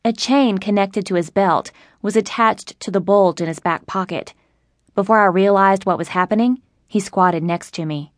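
A woman reads a first-person mystery audiobook with a wry, sassy edge. Her voice sits at a middle pitch. The studio recording is dry and close, with no room sound. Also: steady tone, unhurried, no room sound. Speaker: audiobook narrator.

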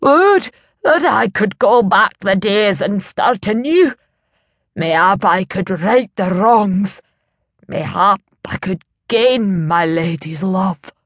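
A woman's voice: medium pitch, animated, fairly bright tone, no echo, studio quality. A woman voicing a dying old Scottish laird. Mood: mournful. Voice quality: reedy, rattling breath. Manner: slow, gravelly, rising to strained outbursts. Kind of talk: audiobook character voice.

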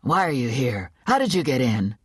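A woman voicing a powerful, impatient woman news executive with a raspy alto and a curt, barking delivery. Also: extremely low pitch, big pitch swings, normal speed, no echo, studio quality, full character voice.

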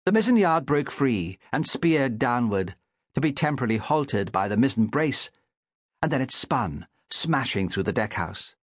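Man narrating with lively, swinging pitch. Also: moderate pace, no echo, studio quality. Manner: dramatic, vivid storytelling. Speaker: audiobook narrator. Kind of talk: scripted narration.

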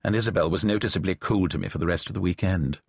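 A man's voice: low-pitched, fast, creaky, slightly rough, no room sound. A middle-aged man reading a novel aloud, with dry, wry storytelling. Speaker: audiobook narrator. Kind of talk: reading a novel aloud, voicing characters lightly. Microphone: close studio mic, dry booth.

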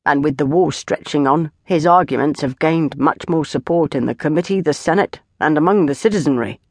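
A dapper, shrewd old male valet who talks in a quiet, knowing tone, as a woman reading an audiobook puts him on. Dry, close sound. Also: low voice, brisk, no echo.

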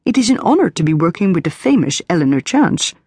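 Woman voicing a tall Dutch man, Dutch accent, rounded vowels, formal and polite, husky, dry close audiobook read. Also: on the low side, sing-song, fast talker, a little mellow, no echo. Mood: courteous. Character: tall gracious Dutch man, docking agent. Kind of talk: audiobook character voice.

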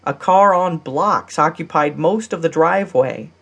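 A woman narrating a romance audiobook in a measured, steady reading style. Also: sits low, breathy edge. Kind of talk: scripted narration.

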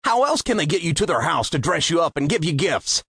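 Man doing a kindly tree, steady and reassuring, storybook. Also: fairly high pitch, fairly quick, creaky, husky, no echo, clean studio sound, exaggerated voice.

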